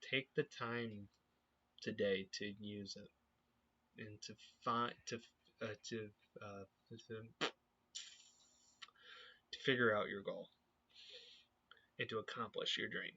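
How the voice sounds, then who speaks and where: A man leading a youth group, talking earnestly about his faith and often pausing to search for words. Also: on the low side, fairly even intonation, pushed and bright, husky. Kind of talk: personal faith reflection to camera. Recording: dull lo-fi recording.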